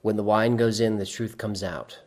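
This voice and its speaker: A man's voice: lowish voice, fairly even intonation, normal speed, a little mellow. A man hosts a loose, chatty livestream and reads viewer comments aloud. He goes off on wry, rambling asides and often breaks into laughter at his own jokes. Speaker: livestream host reading chat. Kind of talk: casual livestream chat.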